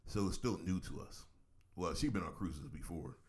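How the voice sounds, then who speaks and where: A middle-aged man, a reverend co-hosting a talk show, telling stories in a casual, animated way with frequent laughs. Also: deep voice, moderate pace. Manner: animated storyteller, laughs often, acts out voices. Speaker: co-host, reverend. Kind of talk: casual chat.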